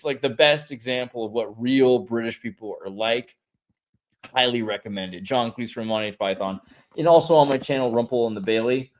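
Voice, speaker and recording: A man hosting a show, chatting casually in a rambling, opinionated way, swinging from quiet asides to loud outbursts. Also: on the high side. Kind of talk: casual chat.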